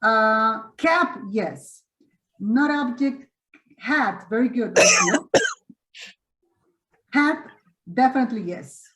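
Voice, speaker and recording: A woman's voice: a little high, wildly swooping pitch, very slow, long pauses, roomy sound, very noisy. Encouraging woman teaching English online. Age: middle-aged. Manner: encouraging, repeats and corrects students. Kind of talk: online webinar class. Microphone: video call.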